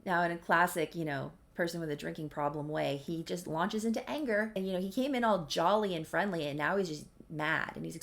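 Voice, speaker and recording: A woman's voice: fairly low pitch, brisk, vocal fry, few pauses, fairly bright tone. A woman casually narrating a life-simulation game story, chatty with wry asides.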